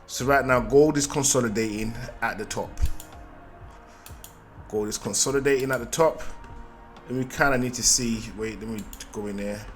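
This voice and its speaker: A trading analyst gives a live market analysis, thinking aloud, repeating phrases and often checking in with "right?". His voice is medium-pitched and a bit bright.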